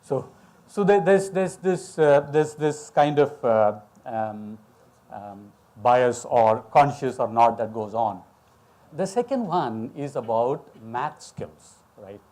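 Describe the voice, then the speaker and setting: Joking middle-aged man from Chennai, mellow voice. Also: mid-range voice, lively intonation, takes it slowly. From South India (Chennai). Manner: humorous, self-deprecating, many restarts. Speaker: panel moderator. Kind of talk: conference panel talk. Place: conference hall.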